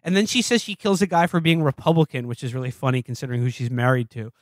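A man's voice: mid-range voice, steady tone, fast, no echo, clean studio sound. A man co-hosting a podcast, reviewing a film in rambling, sarcastic casual chat. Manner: rambling, sarcastic, acts out scenes in silly voices. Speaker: podcast co-host.

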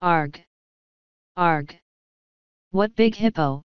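A woman's voice: on the low side, drawn-out words, clear, resonant tone, no room sound. A woman voicing a naive, earnest male prisoner who speaks muffled through a stone wall, in a storybook reading. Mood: pained.

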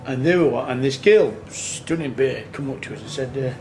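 A man's voice: medium pitch, animated, normal speed. Guy spinning a rambling cheeky yarn, swears a lot, noisy recording behind him. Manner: rambling, earthy storyteller who swears and acts out quotes. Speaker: tribute band singer. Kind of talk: casual anecdote.

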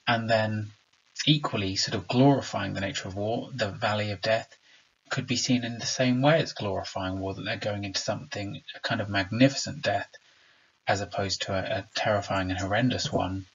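Male teacher, remote lesson, low husky voice, patient explainer, dull lo-fi recording. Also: fairly bright tone. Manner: explanatory, stresses rhythm aloud.

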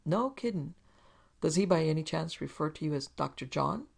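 A woman's voice: low voice, expressive, normal speed, vocal fry, breathy edge, heavily acted. A woman voicing a wry, sardonic male detective's assistant, in a dry, wisecracking way. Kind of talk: storybook reading.

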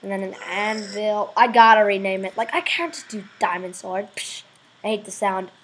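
A woman giving casual, excitable let's-play commentary, swearing freely and breaking into loud sudden exclamations. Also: medium pitch, moderate pace, a little hiss or hum, poor audio. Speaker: gameplay video host.

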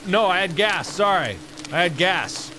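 A man's voice: sits high, animated, unhurried. A man chatting casually and joking while playing a horror game with friends, over noisy game audio. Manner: joking, reactive, calls everyone man. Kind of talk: casual gaming chat.

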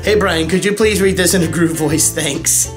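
A man voicing a gruff male cartoon supervillain with a thick put-on accent, over music. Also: high voice, moderate pace, close to an everyday voice.

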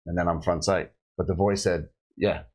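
A middle-aged man with a lowish voice tells his story casually, animated, jumping into the voices of the people he quotes. He speaks as a police officer chatting on a podcast. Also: fairly quick, breathy edge, rough recording. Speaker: police officer recounting a shooting.

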